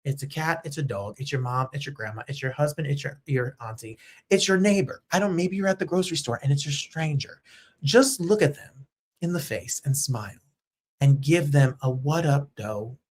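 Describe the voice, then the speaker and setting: A man hosting a show in casual chat, excitable and chatty, jumping from topic to topic. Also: fairly high pitch, moderate pace. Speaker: host. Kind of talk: casual live-stream chat.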